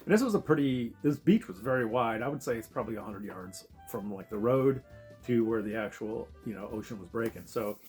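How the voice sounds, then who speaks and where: A man spins a wild travel story at a fast clip, swearing freely and laughing between his lines. His voice sits at an ordinary middle pitch, and he tells it loosely and casually. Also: faint music behind. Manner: profane, laughing, animated. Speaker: travel vlogger.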